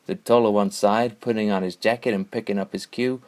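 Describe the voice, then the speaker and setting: Deadpan man, mock noir narration. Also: fairly low pitch, fairly quick, hardly any pauses. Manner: deadpan, noir-style storytelling. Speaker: comedian narrator. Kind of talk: mock hard-boiled comic narration.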